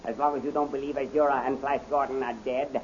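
A man's voice: medium pitch, flat delivery, quick pace, highs cut off, natural voice. A man playing a gloating villain king. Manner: smug, chuckling, theatrical. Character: gloating scheming male usurper king. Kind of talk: 1930s radio acting. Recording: scratchy 1930s radio recording.

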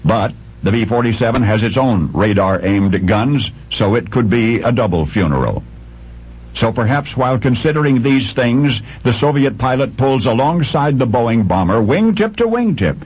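A man telling a story in scripted radio narration, dramatic and deliberate, with long pauses and big swings up and down in pitch. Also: animated, a little mellow, slightly rough. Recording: dull lo-fi radio recording.

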